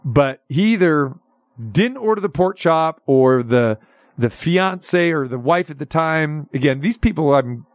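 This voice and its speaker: A male talk show host telling a long story in a chatty, animated way, with lots of restarts. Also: fairly high pitch, measured pace, dry recording, clean studio sound. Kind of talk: casual storytelling chat.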